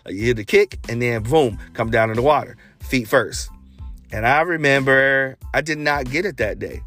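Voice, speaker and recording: A man hosting a podcast, telling a personal story in a casual, animated way and acting out the dialogue. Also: normal speed, faint music behind. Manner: animated, acts out quoted dialogue with big pitch jumps. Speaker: podcast host.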